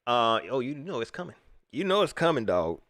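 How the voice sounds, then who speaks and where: A man's voice: mid-range voice, a little fast, no room sound, studio quality. A man hosting a live reaction stream, mocking and laughing as he comments on a clip. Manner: animated, laughing, mocking banter. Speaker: livestream host.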